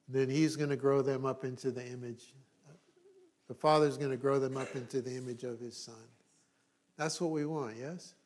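A middle-aged man preaches in an easy, talky way, his voice sitting at an ordinary middle pitch. He drifts into wry asides and restarts his sentences as he goes. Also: darkish tone. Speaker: pastor. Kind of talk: sermon.

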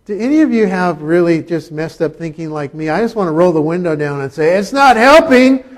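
Pastor, middle-aged man, slightly high voice, chatty sermon with jokes. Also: a little fast, darkish tone. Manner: conversational preaching with asides and humor.

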